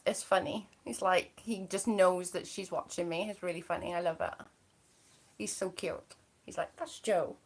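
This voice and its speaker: A woman's voice: on the low side, fairly even intonation, normal speed. A woman hosting a casual live stream, chatting and answering her viewers' comments. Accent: non-local.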